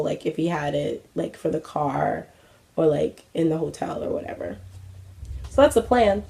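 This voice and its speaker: A woman's voice: on the low side, vocal fry, mellow. A young adult woman hosting a craft vlog, chatting casually with many fillers and self-mocking asides. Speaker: craft vlogger. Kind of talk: casual chat.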